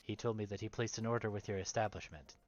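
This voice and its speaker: A man playing his character in a tabletop game, calm and polite. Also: lowish voice, fast talker, no room sound, muffled recording. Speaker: player.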